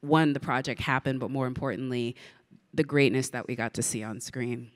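Chatty guy moderating a panel, smooth clear voice, easy questions. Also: medium pitch, normal speed. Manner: relaxed, chatty, uses "like" and "um" fillers. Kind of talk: conversational interview questions.

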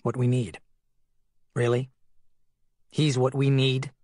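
A man's voice: mid-range voice, level tone, slow, a little mellow, no room sound, studio quality, lightly acted. A man playing a skeptical, sardonic middle-aged doctor with a cutting way of speaking.

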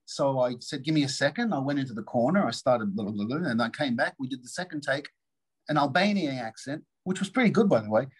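A man, an actor guest in a casual interview, telling lively stories and acting out the lines of other people. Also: medium pitch, brisk, slightly rough, rough recording. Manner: animated storyteller, acts out quotes.

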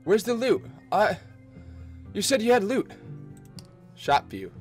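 A man giving casual let's-play commentary, excitable, laughing often and reading game text aloud. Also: high-pitched, slow pace, soft background music. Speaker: gaming video creator.

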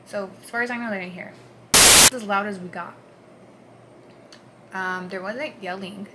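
A woman vlogger recounting a personal story in an earnest, halting way, dropping to a hush and then pushing hard. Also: mid-range voice, steady tone, heavy background noise. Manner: earnest, halting, swings between hushed and forceful.

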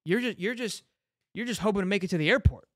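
Podcast host, male, fairly high voice, brash hype-man delivery full of restarts, dry close mic. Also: quick pace, a bit bright, no room sound. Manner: brash hype talk, swears, lots of "like" and restarts. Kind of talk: fired-up fan commentary, casual chat.

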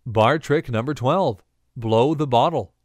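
A man reading scripted bartending instruction and bar jokes in a deadpan, joke-telling manner. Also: mid-range voice, a little slow, no room sound, clean studio sound.

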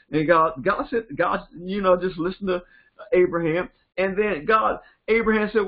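Older man, pastor, sermon, high voice, animated storyteller, muffled lo-fi sound. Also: moderate pace.

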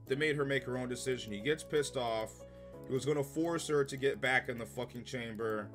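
A man giving a casual, profane, sarcastic review of a TV episode, exasperated and given to loud bursts of laughter. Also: medium pitch, a little fast, soft background music. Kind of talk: casual ranting review commentary.

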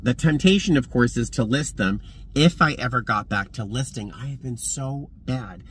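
A man chatting casually in a vlog from his car, expressive and talkative, with loud bursts now and then. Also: mid-range voice, moderate pace, slight background noise. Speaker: vlogger. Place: in a car and around a parking lot.

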